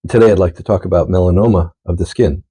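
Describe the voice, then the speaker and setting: A middle-aged man, a doctor, giving a calm, measured explanatory talk to camera. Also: deep voice, husky, low-quality recording.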